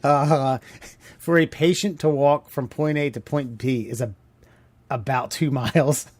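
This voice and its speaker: A man's voice: mid-range voice, fairly even intonation, a little slow, no echo. Podcast guy rambling, lots of likes and ums, normal mid voice. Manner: rambling, laughing storyteller. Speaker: podcast co-host. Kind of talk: casual comedy podcast chat.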